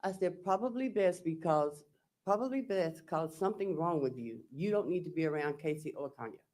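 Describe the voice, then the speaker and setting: A woman testifying as a defendant in court. She reads text messages aloud in a slow, halting, plain-spoken way, recounting each exchange with "I said" and "he said.". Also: low voice, lively intonation, a little mellow.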